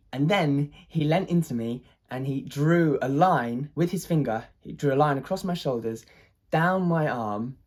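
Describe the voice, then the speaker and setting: An artist tells a personal tale in a raspy, breathy voice. The delivery is hesitant, peppered with "um" and false starts, yet animated. The pitch sits in an ordinary middle range. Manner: hesitant, many restarts and fillers; excited, animated retelling. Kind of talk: personal storytelling to camera.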